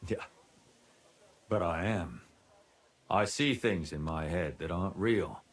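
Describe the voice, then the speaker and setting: In this game role, an actor with a deep voice speaks slowly as a weary, bitter former scribe. The character calls himself a madman.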